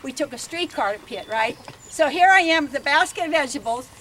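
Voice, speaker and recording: A woman's voice: high voice, expressive, brisk, over a noisy crowd, poor audio. An older woman speaking outdoors at a garden ceremony, chatty and laughing, often tagging "huh?" onto her sentences. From Bellevue, Pennsylvania. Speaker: family speaker at a land dedication. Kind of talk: ceremony speech, storytelling.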